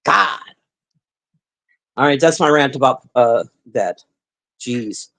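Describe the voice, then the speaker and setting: A woman's voice: very deep voice, lively intonation, slow, creaky, a bit bright. A woman livestreaming to her chat, talking bluntly and profanely in a casual rant, with sighs and trailing-off asides.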